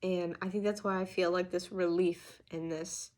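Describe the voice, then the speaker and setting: A woman's voice: lowish voice, steady tone, moderate pace, darkish tone. A young adult woman giving an earnest, emphatic channeled tarot reading, full of restarts and fillers. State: getting emotional. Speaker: tarot reader.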